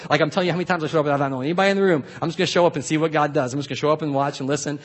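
A man's voice: mid-range voice, very fast. A male pastor preaching a casual, conversational sermon, with many fillers and asides, who drops almost to a whisper when he recites prayers.

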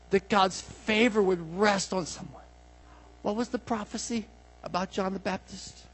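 A man preaching a casual, animated sermon, acting out the people in the story and swinging from quiet asides to loud exclamations. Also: fairly high pitch, normal speed, breathy edge, low-quality recording. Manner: animated, swings from soft asides to loud bursts, acts out quotes. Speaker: pastor.

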